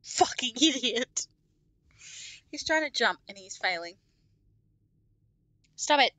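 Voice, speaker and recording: A woman's voice: medium pitch, expressive, measured pace, pushed and bright, no echo, rough recording. A young woman live-streaming a horror game, chatting to her viewers, swearing freely and shrieking at scares. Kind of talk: casual live-stream commentary.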